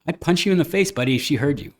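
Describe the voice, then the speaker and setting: A man's voice: a little high, expressive, racing. A man hosting a podcast, telling stories and opinions in a candid, rambling casual chat. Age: adult, a father. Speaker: podcast host.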